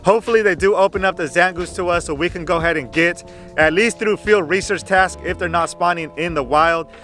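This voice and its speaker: A man's voice: high voice, a little fast, a bit bright, faint music behind. A man hosting his gaming channel, chatting casually through a game guide and repeating "go ahead" between filler words.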